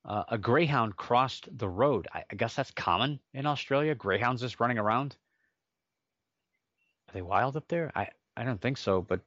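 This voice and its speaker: A man's voice: on the low side, a bit bright, dry recording, lo-fi sound. A man hosting a solo podcast, rambling casually with self-mocking jokes and sidetracks. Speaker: podcast host.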